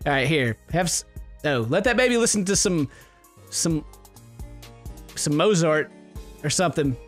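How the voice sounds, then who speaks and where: A man's voice: on the high side, a bit bright. A young man giving goofy, teasing commentary while playing a game. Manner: goofy, teasing, playful voices. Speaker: gaming video host.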